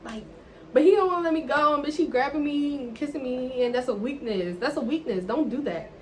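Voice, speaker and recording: Young woman, slightly high voice, animated storytime vlogger, profane and chatty. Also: brisk, a little hiss or hum, poor audio. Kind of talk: casual storytime.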